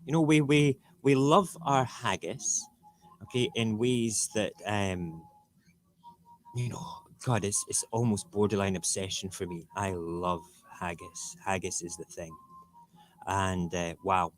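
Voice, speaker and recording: A man with a slightly low voice hosts an easygoing morning stream from his dinner table. He talks in animated bursts and repeats phrases, and he reads rhyming verse with obvious relish. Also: measured pace. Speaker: livestream host. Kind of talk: casual morning livestream chat and poem reading. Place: home dinner table, TV cartoons in the background.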